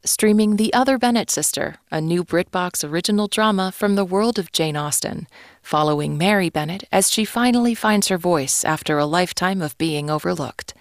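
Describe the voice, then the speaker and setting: Measured woman sponsor announcer. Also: fairly low pitch, no echo, studio quality. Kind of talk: scripted announcement.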